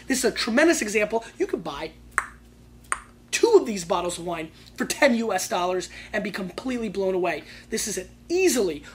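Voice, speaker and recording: Man, wine show host, casual tasting review, excitable, slangy, loud bursts. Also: high-pitched, slight background noise.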